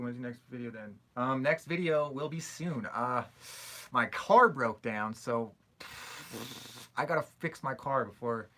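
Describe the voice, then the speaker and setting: A young man chatting casually on a live stream, reading out viewer questions and answering with loose, rambling replies and quick apologies. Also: medium pitch, pushed and bright. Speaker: YouTube creator answering live chat questions.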